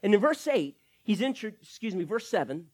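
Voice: medium pitch, very animated, a little fast, darkish tone. A pastor preaching a sermon, working through scripture verse by verse and asking the listeners rhetorical questions.

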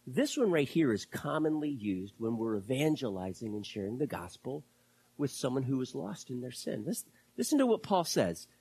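A pastor preaching a sermon to a congregation, animated and repeating words, dropping to a hush at times. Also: mid-range voice, husky, dry recording.

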